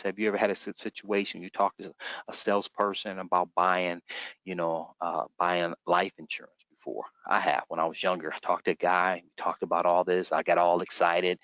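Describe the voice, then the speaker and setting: A man's voice: low voice, no room sound. A middle-aged man giving a sales training talk, telling stories and acting out customers in put-on voices. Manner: animated storytelling, acts out customers in voices. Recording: dull, muffled dry recording.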